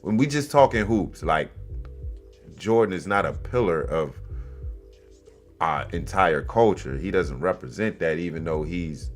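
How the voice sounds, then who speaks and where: A man hosting a comedy commentary show, animated and mocking, swinging between loud exclamations and low mutters. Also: unhurried, long pauses, faint music behind. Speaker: host.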